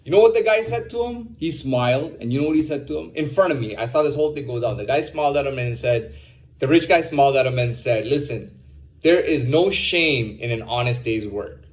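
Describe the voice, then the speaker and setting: A man's voice: fairly high pitch, animated, fast, darkish tone. A young man talking in a casual, rambling monologue, repeating words and often saying "man.". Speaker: host.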